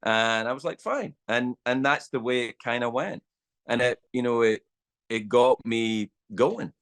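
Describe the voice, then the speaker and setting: A man's voice: mid-range voice, unhurried, clear, resonant tone. A middle-aged Scottish man telling a story as a podcast guest, swearing freely and acting out the lines of the people in it. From Scotland. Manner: animated storyteller, acts out quotes, swears freely. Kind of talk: casual storytelling chat.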